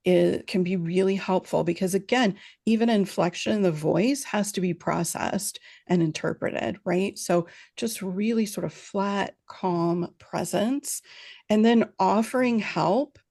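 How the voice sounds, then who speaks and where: A woman answering interview questions as a parenting expert on a video call, explaining calmly and often checking in with a quick "right?". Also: mid-range voice, vocal fry. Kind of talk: interview answers at a virtual summit.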